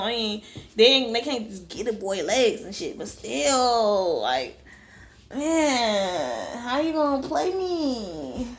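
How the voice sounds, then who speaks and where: A young woman chatting casually on her reading vlog, dramatic and expressive, full of slang. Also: on the high side, slight background noise. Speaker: book-reading vlogger.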